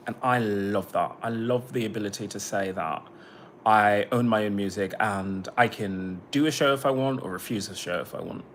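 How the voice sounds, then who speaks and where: A man's voice: on the low side, a bit bright, a little hiss or hum. A man who makes his own music, chatting casually on a livestream. He rambles, swears freely and breaks off to greet viewers.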